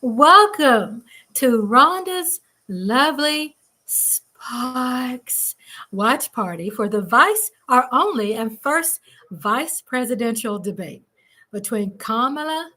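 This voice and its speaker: A woman chats away on her home livestream, bubbly and quick to laugh. Her voice sits high and bright with a clear, ringing edge. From Texas. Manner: bubbly, chatty, laughs often. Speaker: livestream host. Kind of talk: casual livestream chat.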